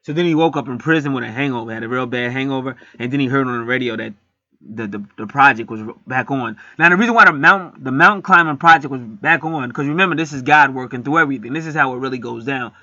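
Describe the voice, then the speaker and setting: Casual spiritual vlogger, rambling and emphatic, swears; bright voice, dry, lo-fi sound. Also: male voice, mid-range voice, quick pace, dry recording. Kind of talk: casual film retelling and preaching.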